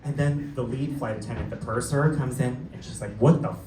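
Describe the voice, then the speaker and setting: A young man doing a live stand-up set, telling stories in a camp, sassy way with quick asides. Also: mid-range voice, a little mellow, slight background noise. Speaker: stand-up comedian. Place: theater stage before a laughing crowd. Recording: roomy live theater sound, mic distant, crowd audible.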